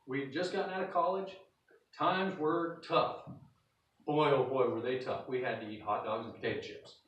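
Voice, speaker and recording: A man's voice: medium pitch, fairly even intonation, moderate pace, a bit bright, muffled recording. A pastor from North Idaho giving a sermon in a folksy storytelling way, acting out the scenes he describes. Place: church sanctuary. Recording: roomy hall, voice from a distance.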